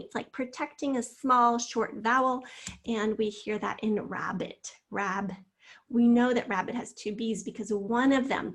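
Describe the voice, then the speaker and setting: A woman teacher giving a recorded spelling lesson to fourth graders, sounding out words slowly and carefully. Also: a little high, husky.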